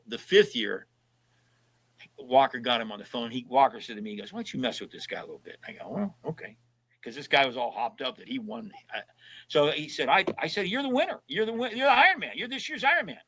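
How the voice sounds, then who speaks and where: A man in his seventies, appearing as a podcast guest, swaps road trip stories in casual conversation and animatedly acts out quoted dialogue. His medium-pitched voice has vocal fry and moves a little fast, and the recording is rough.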